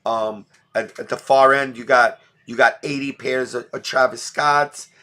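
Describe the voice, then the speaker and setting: A middle-aged New York man hosts a livestream, speaking emotionally in casual talk that's blunt and packed with street slang. His mid-range voice is pushed and bright, with fairly even intonation and a measured pace.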